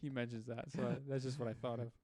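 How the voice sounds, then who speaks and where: A man's voice: mid-range voice, little pitch movement, fast talker, a little mellow, no room sound, studio quality. A young man co-hosting a podcast in casual chat, easygoing, laughing often and calling his friend dude and bro. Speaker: podcast co-host.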